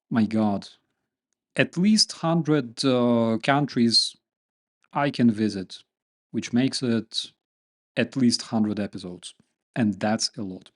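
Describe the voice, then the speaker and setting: Speaking in a lowish, darkish-toned voice, a Ukrainian-accented channel host reads viewer comments and chats informally with his audience, peppering his jokes with lots of fillers.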